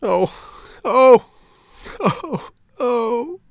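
A wooden puppet boy, always hungry and fretful, whining in a pitched-up voice, as a man puts him on. His tone is stubborn and prone to wailing, with a gravelly grain underneath. The storybook reading sounds dry and close. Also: normal speed, no echo, close to an everyday voice.

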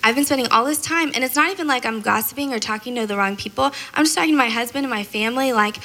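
A woman's voice: fairly high pitch, quick pace, hardly any pauses, rough recording. A woman giving a casual devotional talk about her faith, chatty and rambling, with lots of "like" and "you know". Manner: processes out loud, talks a lot. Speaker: speaker sharing a faith testimony.

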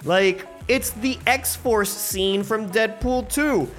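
A man hosting his own show, rambling excitedly and swearing freely through a casual movie review. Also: high voice, slow, faint music behind. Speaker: host.

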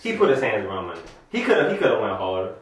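A man's voice: fairly low pitch, wildly swooping pitch, rapid-fire, far from the mic. A young man tells a story to friends in loose, slangy chat, laughing through it. His voice rings in a very echoey room. He sits some way off the mic. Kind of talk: casual chat among friends.

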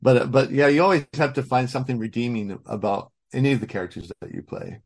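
A man's voice: mid-range voice, fast talker. A man, a voice actor being interviewed, talks in a rambling, casual way with many restarts and frequent laughter. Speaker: voice actor guest.

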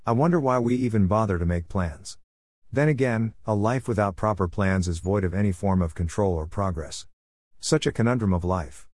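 Male narrator, low voice, reflective and wry, first-person story reading, dry close sound. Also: moderate pace, darkish tone, no room sound.

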